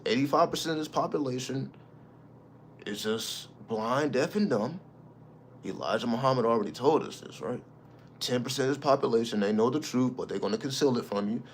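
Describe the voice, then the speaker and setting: A man's voice: medium pitch, a little fast, a little hiss or hum. A man hosting his own channel, talking casually in an emphatic, preachy way and swearing freely. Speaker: channel host. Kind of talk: casual spiritual monologue.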